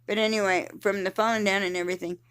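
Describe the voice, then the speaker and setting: A woman's voice: mid-range voice, fairly even intonation, quick pace, fairly bright tone, clear, resonant tone. A woman in her thirties telling her own story in a casual vlog, rambling and candid, swearing freely and trailing off as she hunts for words. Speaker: vlogger.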